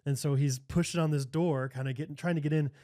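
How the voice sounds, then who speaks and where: A man's voice: on the high side, fairly even intonation, quick pace, dark tone. A man with a Midwestern American accent co-hosting a podcast, chatting casually with lots of fillers and laughter. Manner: laughs often, rambling with many fillers. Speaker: podcast co-host. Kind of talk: casual chat.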